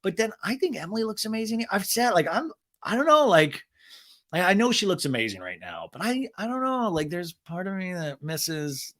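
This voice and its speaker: A young adult man hosting a podcast, recapping a reality TV episode in casual comedic style and quoting the cast in quick voices. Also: sits high. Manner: animated, quotes cast members in quick acted snippets.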